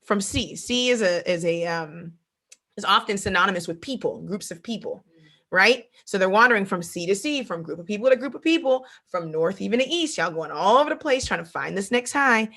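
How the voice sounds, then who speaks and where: A woman teaches a Bible lesson in an animated sermon style, speaking at medium pitch and a little fast. She acts out quoted voices and repeats phrases for emphasis.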